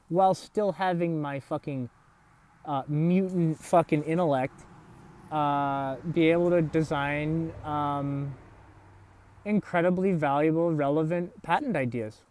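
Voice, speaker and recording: Male vlogger, affected put-on accent, profane rambling delivery, very lively pitch. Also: no room sound. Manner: talks in a put-on affected accent, throat held low; profane, rambling, restarts and repeats words. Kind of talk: rambling solo monologue.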